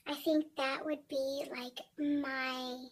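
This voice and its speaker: A woman's voice: high voice, level tone, takes it slowly, rough recording. A young woman vlogging in a rambling, sarcastic, giggly way, swearing freely. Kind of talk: casual chat to camera.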